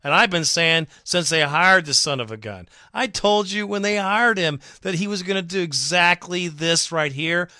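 Guy ranting on his sports podcast, bright edgy voice, real dry close sound. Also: high-pitched, moderate pace, few pauses, no echo. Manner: emphatic, exasperated ranting. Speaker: fan podcast host.

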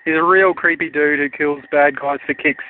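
A man's voice: fairly high pitch, steady tone, normal speed. An Australian man calling in to a radio show, rambling and sardonic, with many fillers. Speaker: caller. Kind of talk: phoned-in voicemail rant. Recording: tinny phone line.

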